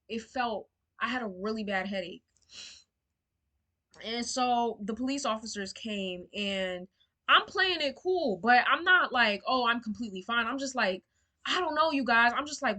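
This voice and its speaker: A young woman with a fairly high, pushed and bright voice tells a storytime to camera as a storyteller vlogger. She's emotional and indignant, swearing freely and filling her speech with lots of fillers.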